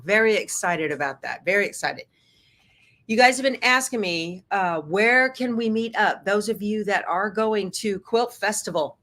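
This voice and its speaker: A friendly woman talks to viewers at ease during a live sewing stream in her own sewing room. Her voice stays bright and bubbly as she chats along, and she laughs often. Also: medium pitch. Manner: chatty, upbeat, laughs often. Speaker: host of a sewing livestream. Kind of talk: casual live-stream chat.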